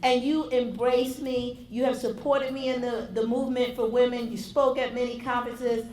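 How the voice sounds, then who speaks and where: An effusive woman emcee with a high, bright voice introduces a speaker. She exclaims and gushes as she talks. The sound rings around an echoey hall. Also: flat delivery, moderate pace, slight background noise. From United States. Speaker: event host.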